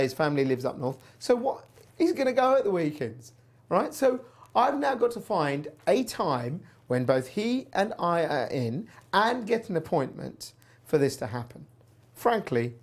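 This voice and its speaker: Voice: mid-range voice, creaky, breathy edge. A presenter telling a personal story in a chatty, wry way while hosting a news show. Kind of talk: casual news commentary.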